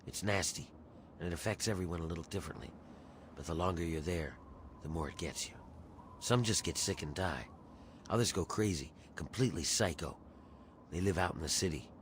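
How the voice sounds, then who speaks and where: A gruff one-eyed rebel in a video game, voiced by a man, talking in a very low, blunt and grim way. Faint game noise sits behind his voice. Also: brisk, long pauses, close to an everyday voice. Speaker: game character.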